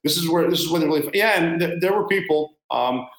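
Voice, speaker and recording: Blunt ex-military guy rambling sarcastically, kinda high voice, echoey room. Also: brisk, a bit bright. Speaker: guest, former military. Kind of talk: casual interview talk.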